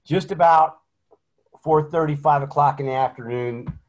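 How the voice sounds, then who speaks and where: A veteran man telling a profane anecdote in casual chat, animated and blunt. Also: fairly high pitch, moderate pace. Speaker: military veteran guest.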